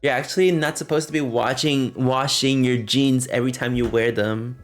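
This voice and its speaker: A man's voice: mid-range voice, steady tone, normal speed. A man livestreaming, chatting casually with his viewers and laughing often as he reacts to chat.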